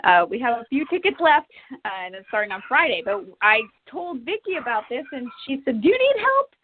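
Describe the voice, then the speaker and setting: A woman's voice: fairly high pitch, lively intonation, fairly quick. A woman hosting a podcast interview, effusive and encouraging with the guest. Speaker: podcast host. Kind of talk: upbeat interview chat. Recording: tinny phone-line sound, faint noise.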